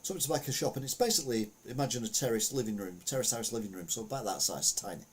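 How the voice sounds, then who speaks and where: Brief: male podcast host, husky, mid pitch, rambling casual commentary. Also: animated, quick pace. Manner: rambling, chatty, frequent fillers and asides.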